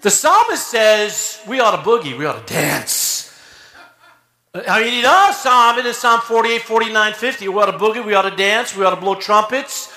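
A man preaching a lively sermon in a church, energetic and animated, often shouting and acting out quotes. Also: high-pitched, normal speed, reverberant. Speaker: pastor. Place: church sanctuary.

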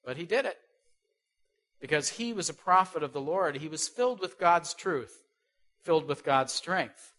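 A man preaching a sermon who asks rhetorical questions and swings between loud stresses and soft asides. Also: a little high, expressive, normal speed, pauses often.

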